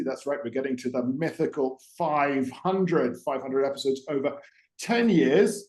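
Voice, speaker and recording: A man's voice: medium pitch, a little slow, darkish tone. A man hosting a podcast interview, chatty and digressive with many fillers and restarts. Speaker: podcast host. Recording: roomy echo.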